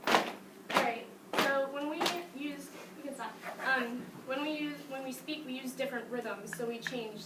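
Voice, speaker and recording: A woman teaching a music class, talking lively and breaking into sing-song examples, recorded from afar in a classroom. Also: high voice, unhurried. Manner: lively, sing-song demonstrations with frequent laughs. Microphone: distant camera mic. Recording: echoey classroom from far off, noisy.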